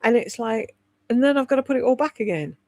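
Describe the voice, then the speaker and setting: A woman in her sixties talks on a livestream from home, with a gravelly edge to her voice. Her talk is candid and rambling, full of casual swearing and quick laughs. The sound is dry and close, with no room echo. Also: fairly high pitch, expressive, a little mellow. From United Kingdom. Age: 60s. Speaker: livestream host reading chat.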